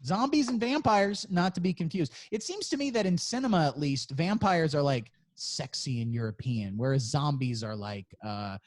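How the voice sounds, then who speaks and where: A man co-hosts a podcast in casual chat, joking, swearing a lot and laughing often. His voice is a little high and animated, moving at normal speed with hardly any pauses.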